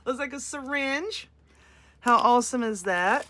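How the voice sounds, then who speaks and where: A woman's voice: high voice, measured pace, sharp tone. A woman with a Southern US accent, gushing and exclaiming as she unboxes crafting goods in a casual vlog. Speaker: crafting vlogger. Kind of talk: excited unboxing chat.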